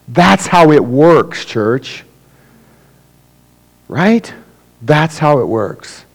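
A man's voice: big pitch swings, very slow, gravelly, pauses often, rough recording. A man preaching to his church in a conversational way, often acting out little scenes with other people's voices. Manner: conversational preaching, acts out voices of people with big swings in pitch and loudness. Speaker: pastor. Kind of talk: sermon.

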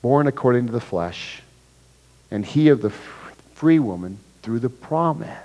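A man's voice: mid-range voice, animated, a little slow, dark tone. A male pastor preaching a sermon, explaining scripture verse by verse and acting out the quoted dialogue. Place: church sanctuary. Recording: long hall reverb.

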